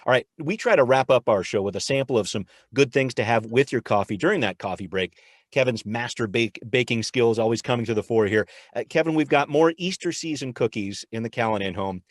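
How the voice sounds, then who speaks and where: A man's voice: medium pitch, a little fast, dry recording, studio quality. A man hosting a local politics podcast, chatting casually and joking while he eats cookies. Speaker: podcast host. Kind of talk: casual chat.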